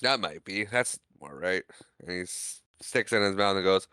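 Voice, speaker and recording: A man's voice: low-pitched, expressive, moderate pace, bright, forceful tone, smooth, no echo. A man co-hosting a podcast, casually retelling a film's scenes and laughing often. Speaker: podcast co-host. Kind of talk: casual movie recap chat.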